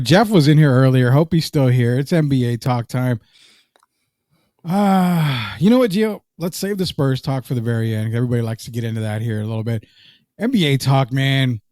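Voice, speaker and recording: A man's voice: medium pitch, a little mellow, no echo, clean studio sound. A man co-hosting a casual sports podcast, joking and reading live comments aloud. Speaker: podcast co-host.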